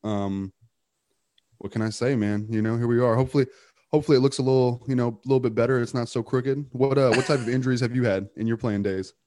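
A man's voice: medium pitch, fairly even intonation, quick pace, darkish tone, no echo, studio quality. A man in his thirties, a podcast guest, sounding stuffy and nasal from a broken nose as he chats casually, rambling with fillers and restarts. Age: 30s.

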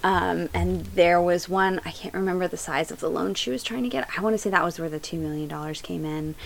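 This podcast co-host has a lowish, gravelly voice and talks briskly over poor audio. Her casual chat rambles, full of fillers and restarts.

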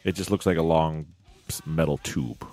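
This podcast host has a very deep voice and speaks at normal speed, recounting stories animatedly over faint background music. The talk is a casual chat full of frequent laughter, captured on a studio podcast mic.

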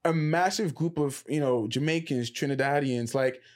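A man hosting a casual podcast chat, from Nigeria, talking in an animated storytelling way. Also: mid-range voice, normal speed. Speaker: podcast host.

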